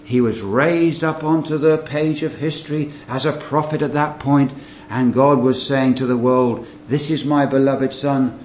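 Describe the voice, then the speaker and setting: A man's voice: mid-range voice, unhurried, darkish tone, slight background noise. A man preaching a sermon, teaching verse by verse in an earnest manner and asking his listeners rhetorical questions. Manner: earnest Bible teaching with rhetorical questions, rising emphasis on key phrases. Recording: muffled roomy recording.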